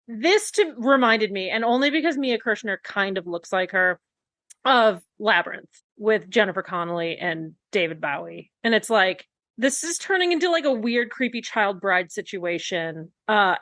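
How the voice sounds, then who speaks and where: A woman's voice: mid-range voice, unhurried, a bit bright, dry recording. A woman co-hosting a podcast, giving her opinions bluntly and emphatically. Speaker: podcast co-host. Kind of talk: casual podcast chat.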